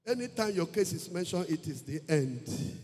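A man preaching a sermon, emphatic and repetitive, breaking into shouted praise. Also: high-pitched, lively intonation, moderate pace. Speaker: pastor. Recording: long hall reverb with faint music.

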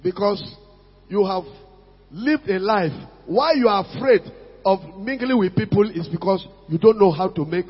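A man preaching to his church in a strikingly high, breathy voice, pushing points home with call-outs to the congregation. The sound is dull and lo-fi, with a long hall reverb and faint music underneath. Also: animated, moderate pace. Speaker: pastor. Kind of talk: sermon. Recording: muffled lo-fi recording in a reverberant hall.

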